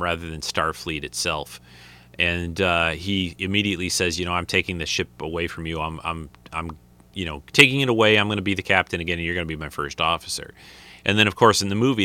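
A man giving casual, unscripted commentary on a film, rambling and halting with many restarts. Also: sits low, sharp tone.

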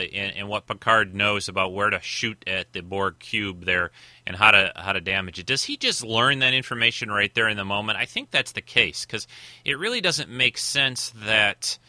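A man gives a relaxed, rambling film commentary, often restarting his sentences as he thinks aloud. His voice is fairly low but very bright and forward. The sound is close and dry, with no room echo. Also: moderate pace. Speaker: host.

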